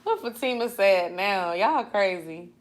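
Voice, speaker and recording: A woman's voice: mid-range voice, expressive, unhurried. A young woman from the Atlanta area, hosting a casual late-night livestream, chatting with viewers and giving sisterly advice while sleepy and yawning. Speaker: YouTube livestream host. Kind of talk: casual livestream chat reading viewer comments.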